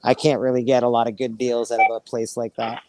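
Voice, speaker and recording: A man's voice: mid-range voice, level tone, fairly quick, heavy background noise. A man from Canada chatting casually in a podcast, blunt and swearing freely. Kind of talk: casual chat.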